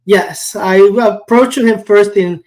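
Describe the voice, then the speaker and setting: A man from Spain, a guest on a casual show, talking in a relaxed way in long, flowing sentences. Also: high voice, slow. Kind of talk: casual conversation.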